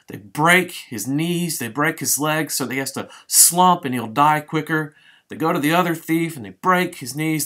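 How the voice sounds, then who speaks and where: A man's voice: a little high, bright, forceful tone. Emphatic male pastor retelling dramatically. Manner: vivid dramatic retelling, emphatic and slowing for weight. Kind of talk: devotional sermon.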